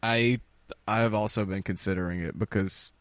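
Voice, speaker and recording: A man co-hosting a podcast, recapping in a casual, animated way and laughing often. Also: fairly low pitch, moderate pace, smooth, no room sound. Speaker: podcast co-host. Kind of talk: casual chat.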